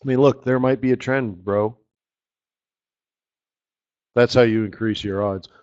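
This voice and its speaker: A man hosting a live trading webinar, walking viewers through charts in an excitable, slangy, chatty way. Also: mid-range voice, unhurried. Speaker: forex trading webinar host. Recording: slightly dull lo-fi audio.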